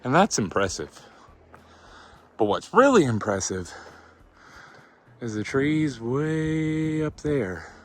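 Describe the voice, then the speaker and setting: A man narrating a casual outdoor travel vlog, easygoing and unhurried as he admires the scenery, filmed outdoors on a handheld camera. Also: mid-range voice, very animated. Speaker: vlogger. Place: outdoors in the mountains.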